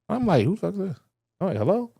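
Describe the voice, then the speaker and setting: A man co-hosting a podcast, telling a story in casual chat and jumping high in pitch when he gets excited. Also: fast talker, vocal fry, breathy edge, dry recording, clean studio sound. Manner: animated, breaks into high excited pitch while telling stories. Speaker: podcast co-host.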